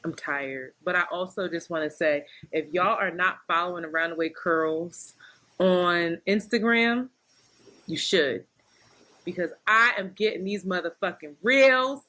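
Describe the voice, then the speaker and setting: A woman's voice: on the low side, measured pace, sharp tone. A woman co-hosting a casual podcast, telling a story with lots of laughter and acted-out quotes. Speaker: podcast co-host.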